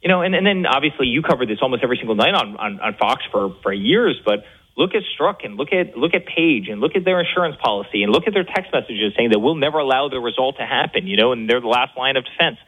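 A man speaking as an interview guest, fast and animated, with many restarts and repeated words. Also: medium pitch, husky. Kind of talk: interview on a phone line. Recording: tinny phone line.

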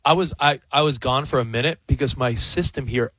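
A man co-hosting a sports radio show from a studio, excitable and quick to laugh. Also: medium pitch, dry recording. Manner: excitable, animated, laughs a lot. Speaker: radio co-host.

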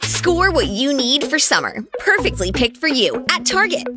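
Woman, cheery ad read, high bouncy voice, loud music. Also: big pitch swings, moderate pace. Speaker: ad announcer. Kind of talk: scripted ad read.

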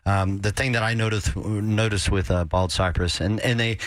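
A man's voice: fairly low pitch, fairly even intonation, moderate pace, dry recording. A man hosting a call-in garden radio show, giving advice in a friendly, folksy way with frequent restarts. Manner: friendly, folksy, repeats words.

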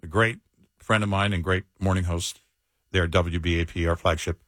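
A man's voice: low voice, fairly even intonation, moderate pace, a bit bright, no room sound. A middle-aged man who co-hosts an overnight radio show, chatting casually with wry, dry humor. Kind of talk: casual chat.

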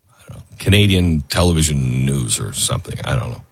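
A man hosting casual political commentary, animated and sarcastic, laughing often. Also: a bass voice, fairly quick, gravelly, husky. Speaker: host.

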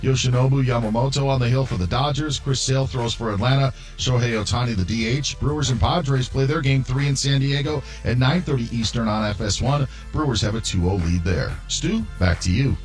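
Guy doing the sports news update, brisk anchor read, faint music behind. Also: mid-range voice. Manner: brisk newsreader delivery.

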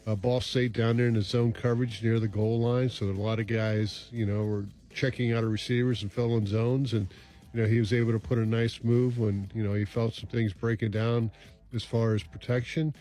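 A man's voice: mid-range voice, flat delivery, moderate pace, mellow, soft background music. A man talking football as a radio analyst, rambling and full of fillers. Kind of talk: sports talk radio analysis.

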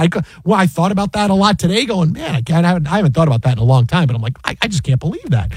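A man who works as a sports broadcaster, telling an animated anecdote with many restarts and an incredulous tone. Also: high-pitched, racing, hardly any pauses, breathy edge, no echo.

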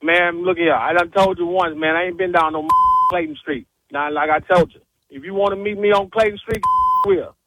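A man's voice: sits high, moderate pace. A man on a phone call, defiant and dismissive. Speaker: prank call target. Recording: noisy phone line.

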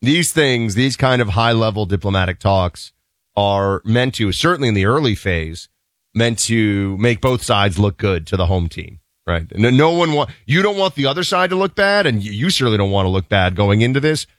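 A man co-hosting a talk show, giving casual, animated political commentary with wry asides and laughter. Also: fairly low pitch, normal speed, no echo, studio quality.

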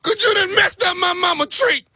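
Man putting on a shrill, whiny aggrieved neighbor. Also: normal speed, heavily acted. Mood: tearful. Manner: shouting, whiny, high-strung. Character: aggrieved grown man shouting and sobbing over his mother's tree. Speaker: radio prank caller. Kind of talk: prank phone call.

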